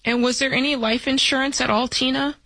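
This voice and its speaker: A woman's voice: high voice, fairly even intonation, brisk, bright, forceful tone, no echo. Direct female co-host, dry studio voice. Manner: direct, practical questioning. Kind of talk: call-in advice conversation.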